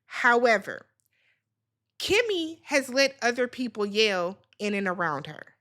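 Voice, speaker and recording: A woman's voice: fairly high pitch, very animated, measured pace, a bit bright. A woman hosting a reality TV recap, talking casually and bluntly, swearing freely as she gives her opinions.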